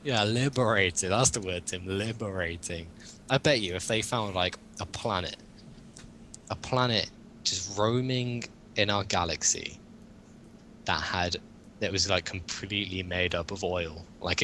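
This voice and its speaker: A young man hosts a loose, joking chat. His voice is on the low side, and a faint hiss runs under the recording. He rambles from point to point and laughs at his own jokes. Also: unhurried, sharp tone. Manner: rambling, jokey, laughs often. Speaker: podcast host. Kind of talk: casual chat.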